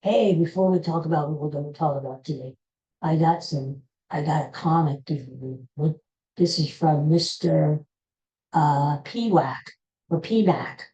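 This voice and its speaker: A man's voice: on the high side, a little slow, mellow, dull audio. An older man hosting his own podcast, chatting casually in a rambling, opinionated way and often repeating himself. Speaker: podcast host. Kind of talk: casual solo podcast chat.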